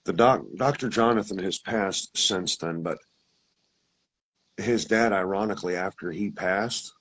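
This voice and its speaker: A man who is a guest telling a personal story, animated and acting out the dialogue. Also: low voice, unhurried.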